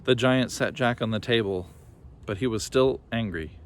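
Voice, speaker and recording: A man reads a children's storybook aloud, lively and expressive. His voice sits at a middle pitch. Faint ambience hums behind him. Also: normal speed, a little hiss or hum. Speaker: reader.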